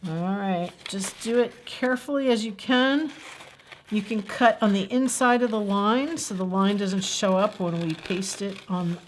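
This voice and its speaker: A woman's voice: medium pitch, a little hiss or hum. A woman hosting a library story time, chatting her way through a children's craft and asking the kids questions. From New Jersey.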